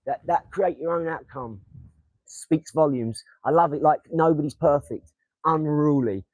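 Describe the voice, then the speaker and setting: Rambling Essex-accented man, fairly high voice. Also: measured pace, a little mellow, dry recording, poor audio. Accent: Essex English. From England. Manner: rambling, swearing, talks to viewers, throws darts while talking. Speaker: livestream host. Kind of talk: casual motivational livestream chat.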